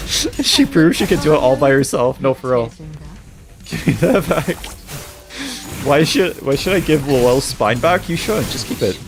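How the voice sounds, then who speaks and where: A man's voice: medium pitch, expressive, normal speed, over music. A man streaming a game and chatting casually, laughing often as he answers his viewers' messages. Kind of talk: casual livestream chat.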